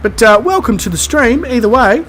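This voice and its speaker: A man's voice: extremely high pitch, lively intonation, normal speed, fairly bright tone, slight background noise. A man with an Australian accent, streaming a flight game and chatting casually with his viewers in a rambling, self-mocking way. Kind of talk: casual chat with live viewers.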